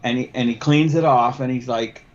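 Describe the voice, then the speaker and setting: A man in casual podcast chat, telling a crude, animated anecdote. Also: mid-range voice, moderate pace, highs cut off.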